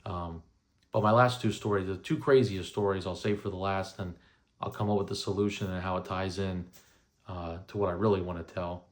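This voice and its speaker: A man's voice: deep voice, steady tone, brisk. A man in his thirties casually telling a first-person story, rambling with lots of "you know" and "right?". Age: 30s. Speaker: vlogger recounting paranormal experiences.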